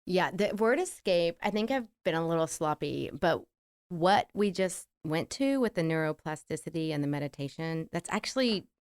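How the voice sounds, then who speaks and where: A woman's voice: on the low side, lively intonation, moderate pace, clean tone, dry recording, studio quality. A middle-aged woman with a rural American accent, co-hosting a podcast in casual, reflective chat that rambles and breaks into laughs. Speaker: podcast co-host.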